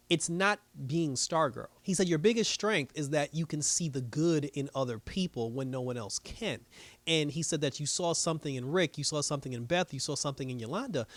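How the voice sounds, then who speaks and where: A man's voice: a little high, dry recording. A man casually recapping a TV episode, chatty and loose, acting out the characters' lines as he goes. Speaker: show reviewer.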